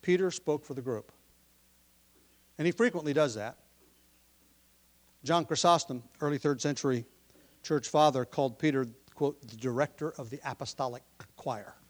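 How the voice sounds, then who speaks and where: A pastor preaching a sermon, explaining the text from his notes and pressing his listeners with forceful questions. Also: medium pitch, normal speed, long pauses. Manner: teaching from notes, explains word meanings.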